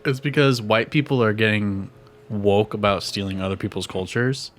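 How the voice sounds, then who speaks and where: A man's voice: lowish voice, normal speed, fairly bright tone, faint music behind. A man co-hosting a casual podcast over beers, with dry, blunt one-liners. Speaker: podcast co-host.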